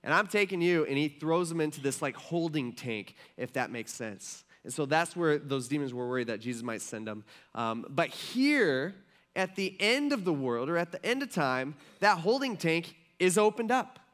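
A man's voice: mid-range voice, animated, moderate pace, a bit bright. A male pastor giving a casual sermon, talking conversationally with many fillers and asking the congregation questions. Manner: conversational, filler-heavy, asks the room questions.

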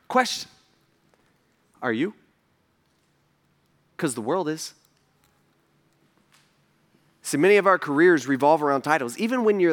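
A male pastor giving a sermon to his congregation, telling stories with casual asides and humor. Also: a little high. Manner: animated storytelling with asides to the congregation. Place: church stage before a congregation.

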